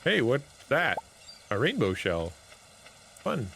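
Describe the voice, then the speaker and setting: A man's voice: medium pitch, wildly swooping pitch, takes it slowly, gravelly, a bit bright, a little hiss or hum. A man streaming a game, giving playful, jokey live commentary and talking to his chat. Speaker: streamer and pastor.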